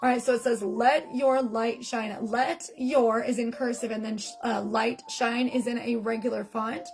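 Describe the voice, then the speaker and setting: A woman's voice: fairly high pitch, level tone, moderate pace, vocal fry, soft background music, rough recording. A woman selling jewelry on a live stream from her phone, chatting fondly and greeting viewers by name. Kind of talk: live-stream sales chat. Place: home, filming herself on a phone. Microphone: phone camera in selfie mode.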